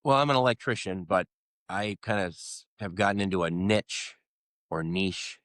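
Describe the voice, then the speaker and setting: A man's voice: lowish voice, expressive, brisk, fairly bright tone, no echo. A middle-aged man, co-hosting a podcast in a casual, rambling chat with dry self-deprecating jokes. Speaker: podcast co-host.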